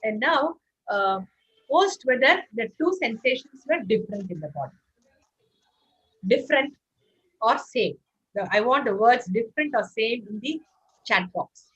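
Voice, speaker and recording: Woman, husky, lively, coaxing, online lecture, muffled call audio. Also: on the high side, a little slow, long pauses. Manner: animated, coaxing participants to respond. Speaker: speaker leading an online workshop. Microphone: video call.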